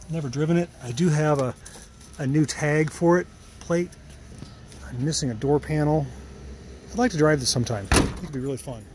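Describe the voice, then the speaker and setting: Fairly high-pitched and a little mellow, a man's voice comes through with a faint hiss or hum. He's a car restorer and channel host doing a relaxed walkaround vlog of his home workshop and driveway, rambling, self-correcting, and plainly affectionate toward the cars.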